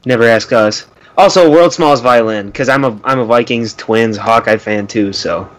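A young man on a casual sports podcast, offering dry, sarcastic comebacks in an ordinary mid-pitched voice. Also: moderate pace, poor audio. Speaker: podcast co-host.

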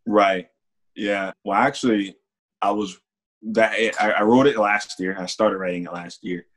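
A young man who works as a security guard and is also an author tells a story casually in an interview. His voice is lowish and his pace measured. He stays relaxed but livens up, growing animated whenever he quotes people.

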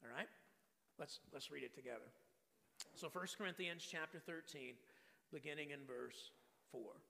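A man's voice: on the high side, normal speed, gravelly, bright, forceful tone, big-room sound, slight background noise. A man with a Texas accent preaching as a guest speaker, chatty, repeating himself and calling on the crowd to answer. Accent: Texan. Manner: conversational, repeats words, asks the crowd to respond. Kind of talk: sermon.

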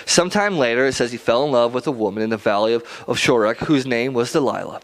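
A man's voice: mid-range voice, quick pace. A male preacher giving a casual sermon, conversational, with rhetorical questions and slangy asides.

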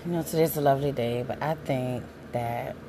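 A woman's voice: a bass voice, moderate pace. A woman talking bluntly and casually to her viewers, cursing freely and using a lot of slang. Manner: blunt, profane, animated, slangy. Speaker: vlogger giving sex advice. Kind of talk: casual monologue to camera. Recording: faint background noise.

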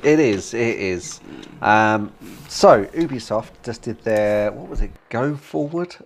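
A man with a British accent co-hosting a casual gaming podcast, animated and laughing often as he talks. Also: on the low side, takes it slowly. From Britain. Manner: animated, laughs while talking, many fillers. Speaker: podcast co-host.

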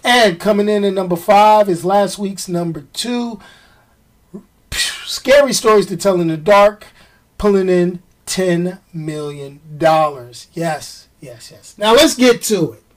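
A middle-aged woman hosting a movie show, ranting in animated, slangy film commentary and stretching words for emphasis. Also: mid-range voice, takes it slowly, recorded from a distance.

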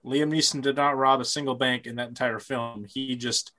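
A man's voice: mid-range voice, steady tone, moderate pace, pushed and bright. A man in casual conversation, rambling and restarting, swearing freely as he talks about movies. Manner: rambling, repeats words, profane.

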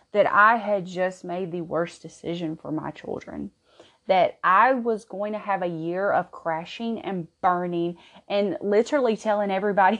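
A woman, hosting a podcast and telling a personal story in an earnest, chatty way. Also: mid-range voice. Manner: earnest, chatty, with frequent restarts and laughs. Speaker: podcast host, homeschooling mother. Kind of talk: casual personal storytelling monologue.

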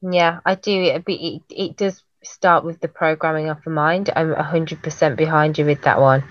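A woman with a British accent, of Jamaican heritage, telling lively stories in casual chat and acting out the voices of people she quotes. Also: low-pitched, moderate pace, muffled recording. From Jamaican heritage, raised in Britain. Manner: animated storyteller, acts out quoted voices.

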